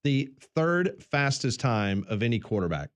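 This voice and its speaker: A man's voice: medium pitch, sing-song, measured pace. A man co-hosting a morning sports talk radio show, laying out the news with asides. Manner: chatty, explains the news with asides.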